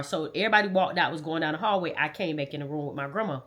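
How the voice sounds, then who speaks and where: A woman's voice: deep voice, fast talker, few pauses. Woman telling a painful storytime. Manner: conversational, repetitive, dialect grammar. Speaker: vlogger. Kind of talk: emotional storytime.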